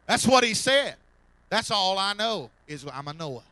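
Fervent preacher, bright tone. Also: male voice, high voice, big pitch swings, a little slow, pauses often, no echo, low-quality recording. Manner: fervent, repetitive preaching that swells loud then drops soft. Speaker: pastor. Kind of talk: sermon. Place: church sanctuary.

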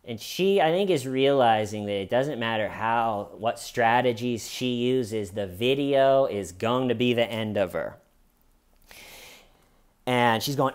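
A man narrating casual true crime commentary in an ordinary mid-range voice. His tone is wry and sarcastic, and he keeps slipping into quick impressions of the people he describes. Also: medium pitch, clear, resonant tone. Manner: sarcastic and wry, acting out quotes.

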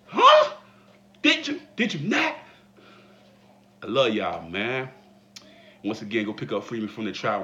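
A man giving a comedic commentary vlog, laughing and breaking into mock shouts. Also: fairly low pitch, lo-fi sound. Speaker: vlogger.

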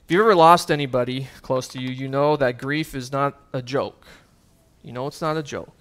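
A man's voice: mid-range voice, normal speed, a bit bright. A man preaching a sermon as pastor, earnest and conversational, with casual asides and fillers.

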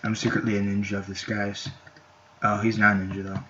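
A man's voice: fairly low pitch, brisk, a little hiss or hum. Rambling male gamer on a lo-fi mic. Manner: excitable, rambling, shouts at the game. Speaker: gameplay YouTuber. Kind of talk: casual gameplay commentary. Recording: lo-fi mic with keyboard clicks.

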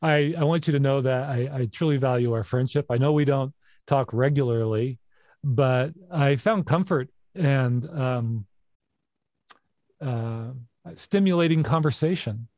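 A man's voice: medium pitch, unhurried, a little mellow, no echo, highs cut off. A middle-aged man hosting an interview in a casual, reflective way, laughing often. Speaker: podcast host.

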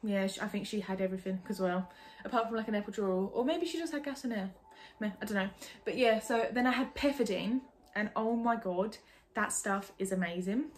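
A woman's voice: mid-range voice, brisk, hardly any pauses. A young woman from England telling a personal story in a casual, candid way, full of "like". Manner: chatty, lots of "like", candid and animated. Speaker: vlogger.

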